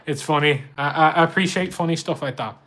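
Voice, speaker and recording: A man's voice: a little high, fairly quick, fairly bright tone. A man with a Scouse accent chatting casually on a fishkeeping live stream, laughing often and poking fun at himself. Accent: Liverpool (Scouse).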